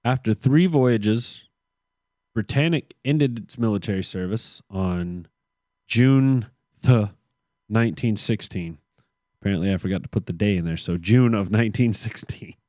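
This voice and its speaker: This low, dark-toned male voice moves a little slowly as he reads history from notes on a casual podcast he co-hosts, adding joking, sarcastic remarks. There's no room sound, and the audio is studio quality.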